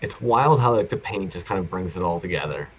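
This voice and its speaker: A man's voice: deep voice, animated, brisk, lo-fi sound, slight background noise. A man co-hosting a casual livestream chat, laid-back and rambling, swearing freely. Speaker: co-host.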